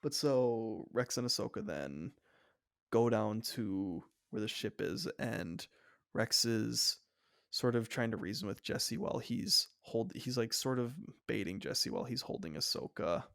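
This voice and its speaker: A man's voice: on the low side, expressive, a little slow, gravelly, a bit bright, no echo, studio quality. A young man co-hosting a podcast in casual fan discussion, talking enthusiastically and rambling with lots of "like" fillers. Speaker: podcast co-host.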